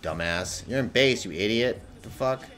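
A man streaming a game, ranting and swearing at other players, swinging from low mutters to shouted outbursts. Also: expressive, moderate pace, faint music behind. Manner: tilted, swearing, ranting at teammates and enemies. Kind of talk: live gameplay commentary.

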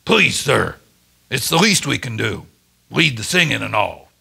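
A man voicing an earnest, rough-edged young navy sailor, speaking eagerly and slowly. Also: medium pitch, very animated, bright, forceful tone, full character voice.

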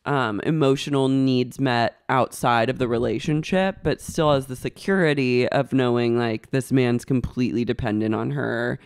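A man's voice: mid-range voice, fairly even intonation, normal speed, few pauses, smooth, dry recording, clean studio sound. A man co-hosting a podcast, chatting casually about a reality show and acting out quotes. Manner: chatty, acts out quotes in raised voices. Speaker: podcast co-host.

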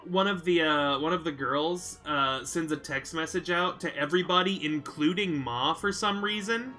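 A man's voice: on the high side, moderate pace, soft background music. A young man hosting a let's play, casually retelling a film in a rambling, filler-heavy way. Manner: rambling, filler-heavy storyteller who acts out quotes loudly.

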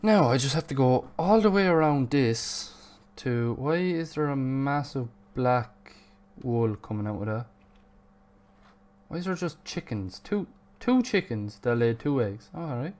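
A man's voice: mid-range voice, expressive, a little slow, darkish tone. A man streaming a video game live, chatty and self-mocking, and swearing at the game now and then. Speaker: gaming streamer. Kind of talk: live gameplay commentary.

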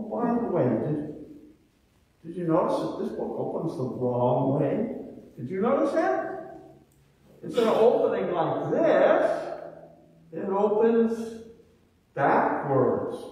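A man as guest pastor giving a children's sermon, speaking in an animated way and asking the children questions. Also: sits high. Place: large reverberant church sanctuary. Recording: echoey church from far off.

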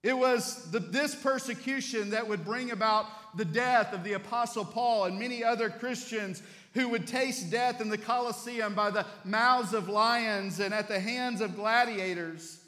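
A male pastor preaching a Sunday sermon in a church, telling stories in an animated way and often restarting his phrases. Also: high voice, measured pace, few pauses, long reverb tail. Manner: animated storytelling preacher, repeats words as he restarts. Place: church sanctuary.

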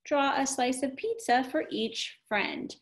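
A woman's voice: high-pitched, slow pace. A woman teaching a kindergarten math video lesson, cheerful and encouraging, with an exaggerated voice for young children.

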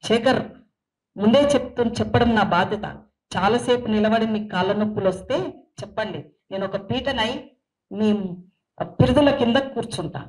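A woman author reads her own fiction aloud at a very fast, unbroken pace. The sound is distant, as if picked up from across a hall. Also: a little high, a little mellow. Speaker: author reading from her novel. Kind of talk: literary reading.

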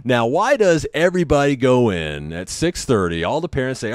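A man telling a story in a casual monologue, animated, blunt and profane, and poking fun at himself. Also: medium pitch, normal speed, few pauses. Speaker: host of a parenting podcast.

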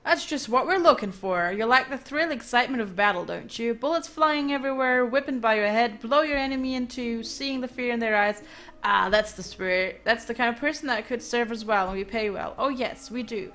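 A woman's voice: on the high side, brisk, a bit bright. A woman reading the lines of a pushy, boastful male caravan boss from a game, in her own light voice. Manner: boastful, pushy sales patter. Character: smooth-talking male caravan boss recruiting.

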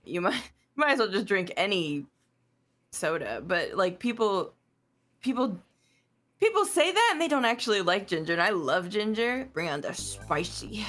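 A woman's voice: mid-range voice, sing-song, normal speed, a bit bright. A woman guest with an upset stomach, chatting casually in a wry, slightly dramatic way. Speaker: guest voice reader. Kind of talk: casual chat.

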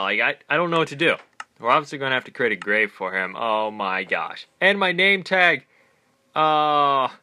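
A man hosts a casual let's play, talking to his viewers as he plays. His voice is sharp and very bright, and he reacts in an animated way, with frequent exclamations. Faint game music plays softly behind him. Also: mid-range voice. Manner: animated, exclaiming and laughing in dismay. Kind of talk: casual gameplay commentary.

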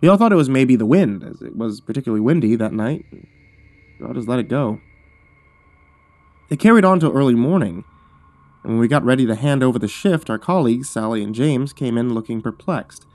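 A man reading a first-person horror story aloud in a measured, hushed storytelling manner that drops low at tense moments. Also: expressive, dry recording.

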